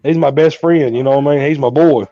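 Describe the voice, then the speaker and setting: Southern male guest from Georgia, easygoing and profane, slightly raised pitch, muffled lo-fi line. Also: steady tone, quick pace. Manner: laid-back, swears freely, calls people man. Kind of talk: casual chat.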